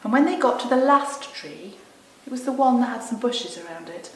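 A woman, a children's Sunday school leader, gently and expressively reading a storybook aloud. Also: on the high side, lively intonation, normal speed, roomy sound, slight background noise, low-quality recording.

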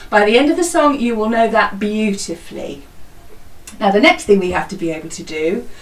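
A woman teaching children a song, speaking slowly and clearly, singing lines and modelling the sound effects for them. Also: mid-range voice, fairly bright tone, echoey room, far from the mic, low-quality recording. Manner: slow, clear and encouraging, sings parts and animal sounds. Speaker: music teacher leading a school singalong.

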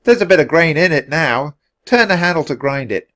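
Storybook voice: a man doing a friendly, teasing soldier baker, raised and lively. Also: a little high, fairly quick, voice pushed up. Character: friendly good-humored male army baker.

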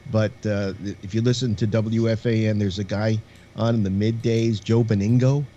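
A man's voice: lowish voice, fairly even intonation, moderate pace, warm tone. A man co-hosting a casual chat, reminiscing and laughing between sentences. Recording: dull audio with faint hiss.

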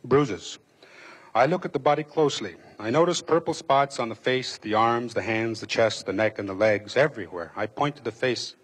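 Husky guy reading a memoir out loud, slow and measured, dwells on lists. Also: medium pitch. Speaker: reader. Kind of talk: dramatic reading of a memoir passage.

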